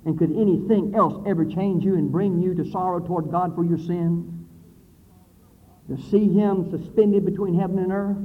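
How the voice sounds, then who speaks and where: A man preaching a sermon with dramatic swings between loud declaiming and low, hushed passages. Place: church building with brick wall. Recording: phone-like thin sound in a reverberant hall.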